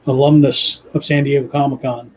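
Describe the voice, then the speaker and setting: A man hosting a casual chat while he draws, talking in a relaxed, unhurried way with a dry voice. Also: mid-range voice. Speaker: host. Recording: muffled lo-fi audio with faint hiss.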